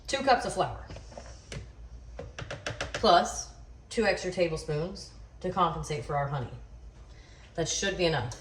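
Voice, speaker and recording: A woman's voice: fairly low pitch, expressive, measured pace, long pauses. A woman hosting a casual cooking video in her home kitchen, chatty and joking at her own expense. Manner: chatty, joking, self-deprecating. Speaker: cooking channel host. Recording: echoey kitchen, distant mic, background noise.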